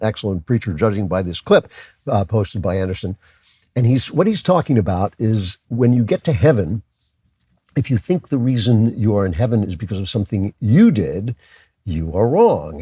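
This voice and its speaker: Older male host, low husky voice, dry close sound, chatty commentary delivery. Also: a little mellow, dry recording. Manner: conversational, with frequent restarts and asides. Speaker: podcast host. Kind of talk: casual commentary.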